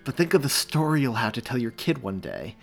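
A man reading aloud, voicing a wry, steady young man who speaks sarcastically but firmly and gently. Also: medium pitch, fairly quick, gravelly, soft background music. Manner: sarcastic, then gentle and firm.

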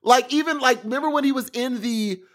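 A man co-hosting a podcast, chatting casually and telling animated stories, acting out what other people said. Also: very high-pitched, fairly quick. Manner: animated storytelling, acts out quoted voices. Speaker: podcast co-host. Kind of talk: casual chat.

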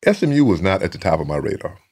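A man with a very low, gravelly voice tells long stories as a guest. He talks in a relaxed way and stumbles over repeated words as he goes. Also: racing. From Texas. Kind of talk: casual storytelling.

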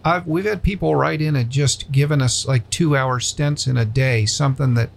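A man's voice: mid-range voice, moderate pace, creaky. A man hosting a casual Christian radio show from a studio, joking and sincere by turns.

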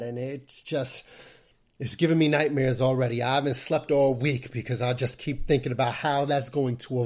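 A man hosts his own podcast in a relaxed, conversational way. He speaks with lively energy and a slightly raised pitch. His talk is loose and chatty, full of fillers and quick restarts. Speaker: podcast host. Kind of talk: casual solo podcast talk.

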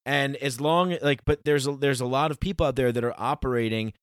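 A man in casual talk, rambling with many restarts and slowing down to stress his points. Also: mid-range voice, smooth, no room sound, clean studio sound. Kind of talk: casual chat.

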